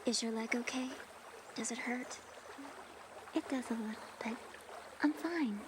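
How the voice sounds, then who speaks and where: A woman voicing a timid young twin sister in a horror video game, soft and pleading with a breathy edge. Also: a little high, unhurried, a little hiss or hum, natural voice.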